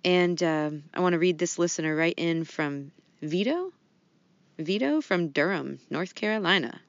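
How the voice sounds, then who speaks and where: A woman's voice: on the low side, expressive, unhurried, no room sound. A woman co-hosting a podcast, chatting casually and reading out a listener's letter. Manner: laughs easily, casual with fillers. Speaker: podcast co-host. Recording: dry, dull lo-fi sound.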